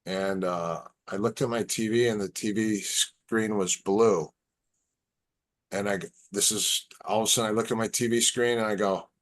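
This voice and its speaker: A man in casual podcast chat, telling stories and acting out the dialogue. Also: lowish voice. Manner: relaxed storyteller, acts out quoted dialogue. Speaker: podcast guest.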